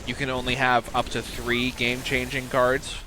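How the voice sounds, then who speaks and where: A young man who co-hosts a podcast and games chats casually while playing, his medium-pitched voice monotone and moderately paced. He rambles with lots of fillers and restarts, and video game gunfire and game noise sound behind him.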